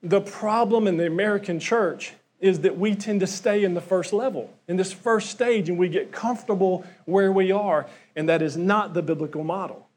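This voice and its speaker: Man, middle-aged, pastor, sermon, conversational, asks questions, high voice. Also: normal speed, hardly any pauses, a little mellow.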